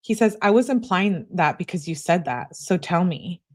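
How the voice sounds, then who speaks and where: A woman's voice: fairly low pitch, expressive, normal speed. A young adult woman hosting a casual livestream, reading text messages aloud and chatting with viewers between them. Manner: reads messages aloud, interjects reactions to chat.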